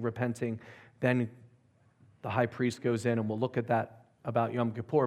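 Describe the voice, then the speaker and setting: A man preaching a sermon as pastor, emphatic and often asking the audience questions. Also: mid-range voice.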